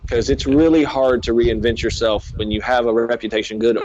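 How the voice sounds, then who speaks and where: A man's voice: mid-range voice, fairly even intonation, fairly quick, darkish tone, dull audio. A man from the American South with a Southern accent, telling stories as a wrestler guest in a casual interview, rambling with lots of filler words. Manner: rambling, frequent "uh" and "like", quotes others in dialogue.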